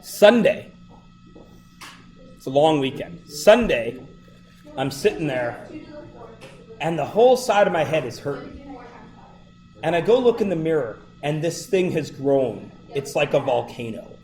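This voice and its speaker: Middle-aged man, teacher, lively storyteller, loud bursts, higher voice, faint music behind. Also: measured pace, pauses often. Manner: animated, bursts of loud exclamation. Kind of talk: storytelling to a class.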